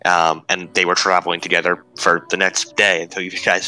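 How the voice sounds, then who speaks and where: A man with a very low voice, forceful and bright in tone, runs a tabletop game with easy, plain explanations. Soft music plays faintly behind him. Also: flat delivery, brisk, poor audio. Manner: casual, explains plainly with fillers. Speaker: game master.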